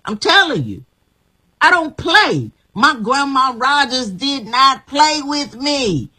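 A woman's voice: high voice, big pitch swings, slow, sharp tone, rough recording. A woman guest telling her life story in an emphatic, repetitive, motivational way. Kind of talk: inspirational personal story.

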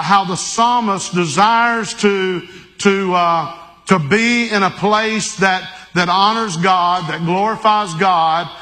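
Preacher guy, high bright voice, slow and halting, stretches out the scripture. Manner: halting, repeats words, reads scripture slowly and emphatically. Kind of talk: sermon.

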